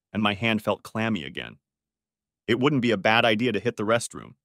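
A man narrates a first-person audiobook story in a fairly low voice. His reading is dramatic and swings widely in pitch as he tells it. The recording is dry, with no room sound. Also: fairly bright tone, no echo.

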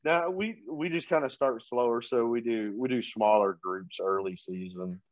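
A man who works as a hunting outfitter, talking casually on a podcast in a relaxed, plain-spoken way with many fillers. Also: mid-range voice, moderate pace, no echo. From Kansas. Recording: dry, slightly dull podcast mic.

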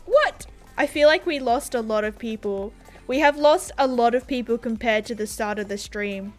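Woman, young, Australian accent, high voice, bubbly and giggly, casual livestream chat, faint music behind. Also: moderate pace. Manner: bubbly, scattered, giggly, lots of "like". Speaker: game streamer. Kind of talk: casual livestream chat, reading viewer comments.

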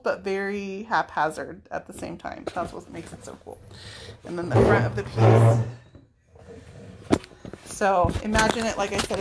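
A woman in her thirties or forties, a furniture-painting vlogger, thinking aloud in casual chat while she works on a piece, with a faint background hiss. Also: fairly low pitch. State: tearful at times. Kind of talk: casual live painting demo.

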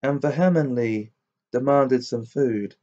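A man reading a fairy tale aloud in a measured, unhurried way. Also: mid-range voice, darkish tone, lo-fi sound. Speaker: storyteller.

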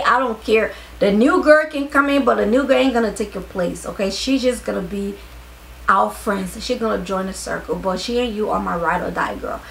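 A tired woman vlogger chatting casually to her viewers during a clothing haul, excitable, with her voice starting to crack. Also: mid-range voice, moderate pace, creaky, a little hiss or hum, low-quality recording. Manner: excitable, talks straight to viewers.

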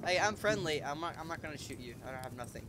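A young man hosting a casual gaming chat, giggly and pleading, often breaking into high squeals. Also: expressive, fast, crowd noise. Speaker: channel host.

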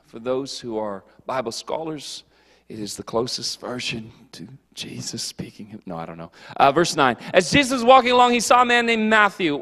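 A man preaching a casual, animated youth sermon in a church, joking and slipping into quick character voices. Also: mid-range voice. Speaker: youth pastor. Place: church hall. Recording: long hall reverb.

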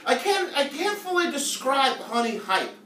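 A man's voice: very high-pitched, very animated, moderate pace, pushed and bright. A man hosting a live home cooking stream, chatting playfully and joking with viewers as he cooks. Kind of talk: casual live cooking chat. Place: home kitchen. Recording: echoey room, mic at a distance, music playing faintly.

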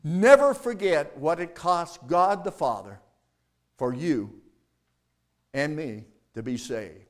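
A male pastor preaching a sermon, calling for replies from the congregation and swinging between loud emphatic lines and quiet low ones. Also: expressive, takes it slowly, long pauses.

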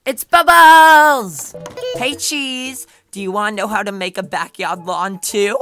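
A woman voicing a peppy, bubbly female hippo villager from a cartoon game, in a high, squealing, loud voice. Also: slow.

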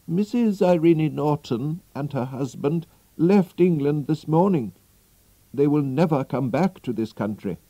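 A man's voice: a little high, lively intonation, a little slow, warm tone, dry recording, voice pushed up. A man reading aloud, voicing a polite old female servant.

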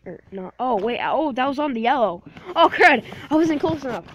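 A woman's voice: high voice, lively intonation, normal speed, a bit bright, lo-fi sound, a little hiss or hum. A woman giving casual, playful gameplay commentary, rambling and talking to herself. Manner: rambling, playful self-talk. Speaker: gameplay video host.

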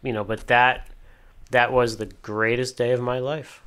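A man in a casual podcast chat, telling an excited fan anecdote with many fillers and restarts. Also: mid-range voice, measured pace, clean tone. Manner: rambling, lots of "you know" fillers and restarts. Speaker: occasional podcast co-host.

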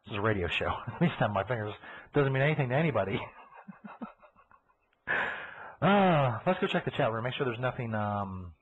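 A man's voice: medium pitch, animated, fast, slightly rough. A man hosting a live comedy radio show, rambling and profane as he chats in character, laughing at his own jokes. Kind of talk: rambling comic chat in character. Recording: tinny phone-like lo-fi audio.

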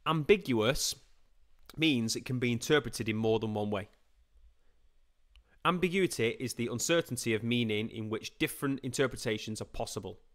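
A man teaching a computer science revision class over a live stream, with a voice of middling pitch. He talks in a chatty, informal way, throwing questions at his listeners and answering them himself. Now and then he slips into playful put-on voices and quick asides.

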